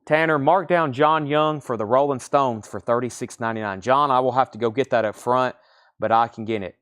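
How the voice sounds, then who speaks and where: A man's voice: mid-range voice, brisk, fairly bright tone, clean tone. A man with a Southern US accent hosting a live record sale from a store, reeling off album titles and prices with chatty asides. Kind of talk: live-stream sales patter.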